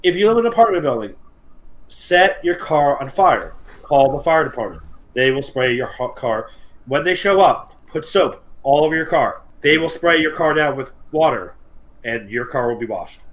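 A man co-hosting a podcast in loose, comedic chat, his voice sitting a little high. He rambles, swears freely and builds on absurd ideas. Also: expressive, normal speed, poor audio. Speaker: podcast co-host.

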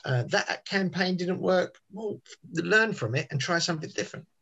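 A man's voice: high-pitched, expressive, normal speed, creaky, bright, forceful tone, lo-fi sound. A man, telling a rambling story in casual podcast chat. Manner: chatty, rambling with restarts and tangents. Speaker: podcast guest.

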